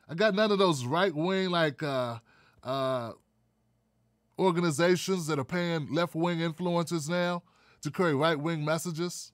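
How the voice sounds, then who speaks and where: A man hosts a live political talk show and greets his viewers in a loose, joking way. He makes dry, sarcastic asides. His voice sits a bit high, and the sound is close and dry with no room echo. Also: unhurried. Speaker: show host.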